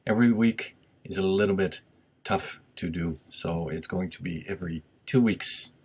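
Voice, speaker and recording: A man's voice: deep voice, a little mellow, husky. A man teaching English, patiently going over class notes and giving Japanese translations. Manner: slow, patient explaining with Japanese glosses. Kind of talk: recorded lesson review.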